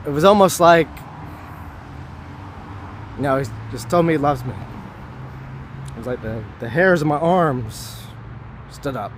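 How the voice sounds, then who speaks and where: A man telling a personal story to camera outdoors, rambling and earnest, filling every pause with "you know" and "like" and hurrying to finish. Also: a little high, a little hiss or hum. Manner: hurried, wanting to finish quickly. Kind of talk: casual spoken recollection.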